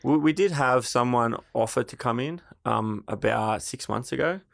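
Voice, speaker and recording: A man's voice: mid-range voice, moderate pace, vocal fry, no echo, clean studio sound. A young Australian man, a brand co-founder, telling his business story in a casual interview, candid and prone to swearing.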